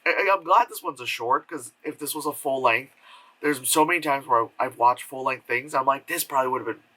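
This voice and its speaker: A man's voice: medium pitch, fairly quick, bright, forceful tone, low-quality recording. A man giving a casual spoken film review from home, rambling with lots of fillers and acting out quotes in mocking voices. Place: home room with air purifier hum.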